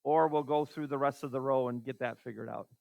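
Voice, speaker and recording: A man's voice: medium pitch, fairly even intonation, brisk, vocal fry, no echo, muffled recording. A man teaching a math class, calling on students by name and exasperated by wrong answers. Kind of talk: classroom lecture.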